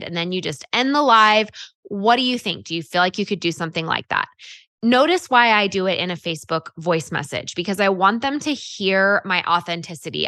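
A woman coaching direct sellers in a chatty, animated way, acting out example scripts as she goes. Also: medium pitch, no room sound, clean studio sound. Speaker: sales coach. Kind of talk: coaching talk on social selling.

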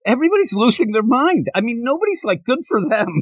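A man's voice: very high voice, fast, no echo. A man co-hosting a podcast, chatting casually about a manga chapter, laughing often and acting out the characters' lines. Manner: animated, laughs often, acts out quoted lines. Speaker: podcast co-host.

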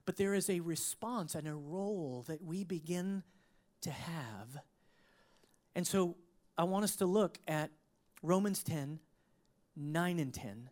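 A preacher giving a sermon, telling a personal story in an expressive way, laughing along and often restarting sentences. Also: mid-range voice, slow pace, pauses often.

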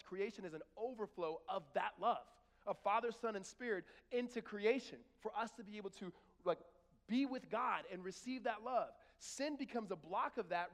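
A man's voice: extremely high pitch, long reverb tail. A middle-aged man preaching a sermon in church, talking in a conversational way and acting out little scenes. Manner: conversational, animated storytelling with acted-out voices. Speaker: pastor.

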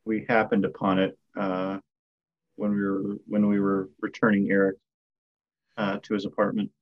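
A man's voice: on the low side, monotone, normal speed, highs cut off. A man playing a tabletop game, speaking hesitantly in character. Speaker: player.

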